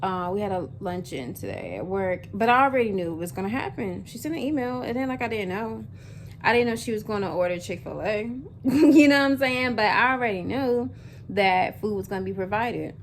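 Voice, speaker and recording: A young woman in her twenties chats casually to her camera. Her voice sits at an ordinary mid pitch, with a faint bit of background noise. She keeps it loose and chatty, full of fillers, and speaks right to her viewers. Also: expressive, fairly quick. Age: 20s. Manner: chatty, filler-heavy, addresses viewers as y'all. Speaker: vlogger.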